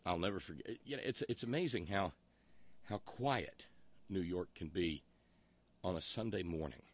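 A man's voice: sits low, expressive, moderate pace. A man hosting a talk show, delivering a wry, rambling monologue full of historical asides. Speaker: radio talk show host.

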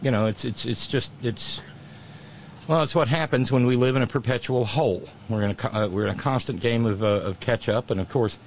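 A man's voice: mid-range voice, a little fast, slight background noise. A man hosting his own radio show, talking to listeners in a loose, rambling monologue full of restarts and fillers.

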